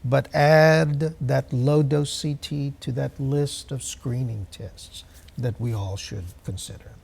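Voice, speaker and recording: A man in his sixties, a doctor answering health questions on a TV call-in, slow and measured with many hesitant fillers. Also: medium pitch, steady tone, gravelly, a little mellow, breathy edge.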